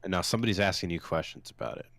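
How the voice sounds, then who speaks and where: A man's voice: deep voice, racing, creaky, no echo. A man co-hosting a casual, profane podcast chat, telling stories and acting out angry callers. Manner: animated storyteller, acts out angry callers. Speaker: podcast co-host.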